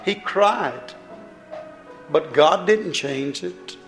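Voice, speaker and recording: A man's voice: on the high side, animated, drawn-out words, fairly bright tone, roomy sound, faint music behind. A man preaching a fiery sermon, pleading and throwing rhetorical questions at the congregation.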